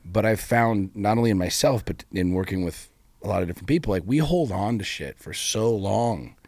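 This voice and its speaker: A man with a fairly low voice co-hosts a relationship talk show. He speaks bluntly, swears freely and fires off rhetorical questions. The sound is close and dry. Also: expressive, a little fast, dark tone, dry recording. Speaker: podcast co-host. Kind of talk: candid casual chat.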